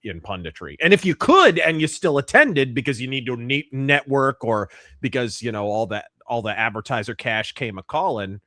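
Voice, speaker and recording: A man's voice: mid-range voice, sing-song, normal speed, sharp tone, no echo, studio quality. A man guesting on a podcast, ranting in a sardonic, emphatic way about games and culture.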